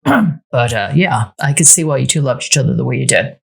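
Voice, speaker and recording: A woman's voice: very deep voice, lively intonation, a little fast, creaky, husky, heavily acted. A woman voicing an easygoing star-struck boyfriend. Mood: cheerful, awed. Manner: jokey, nervous laughs.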